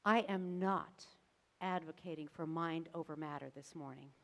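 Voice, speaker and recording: A woman pastor preaching a sermon, telling the story dramatically with varied emphasis and pauses. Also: low voice, fairly bright tone. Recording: long reverb of a church sanctuary.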